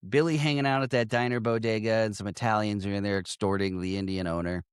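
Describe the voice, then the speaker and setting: A man's voice: on the low side, steady tone, fast talker, clear, resonant tone, dry recording, studio quality. A man co-hosting a casual movie podcast, laughing a lot, swearing freely and acting out lines from the film. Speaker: podcast co-host.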